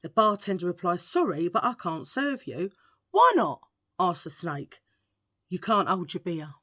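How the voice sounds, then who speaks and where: A woman's voice: lowish voice, lively intonation, moderate pace, bright, forceful tone, dry recording, clean studio sound. A woman with an English accent, chatting casually and cracking jokes for her viewers, a bit under the weather. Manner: chatty, joking, cheeky asides. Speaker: vlogger. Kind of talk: casual chat.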